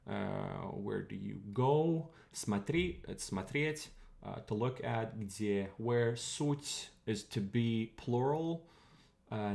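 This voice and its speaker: Young male streamer, low and gravelly, slow, halting, thinks out loud. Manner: thinking aloud, halting, reads words out slowly, asks the chat. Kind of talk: casual livestream, translating an old text.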